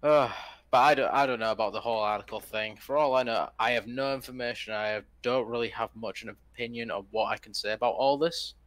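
A man's voice: medium pitch, fairly quick, few pauses, a bit bright, no room sound. A man co-hosting a casual gaming chat, speaking hesitantly and laughing easily. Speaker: co-host guest.

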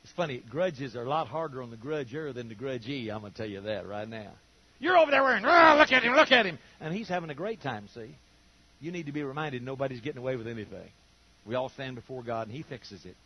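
A man's voice: mid-range voice, fast talker, slightly rough. An older man preaching a sermon, telling stories and acting out the voices of the people in them. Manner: animated storytelling, acting out quoted voices. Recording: dull lo-fi recording.

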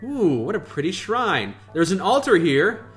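A man's voice: high voice, sing-song, a little slow, a bit bright, soft background music. A young man playing a game with a friend, playful and laughing, reading text aloud with a theatrical flair. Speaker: gaming video host.

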